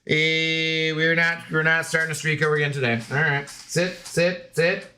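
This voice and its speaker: A man with a fairly high, bright and forceful voice, rambling casually through a livestream. He jokes with his dog and calls out to viewers in loose, unscripted talk. A faint hiss sits under the voice. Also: flat delivery, moderate pace. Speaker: game streamer.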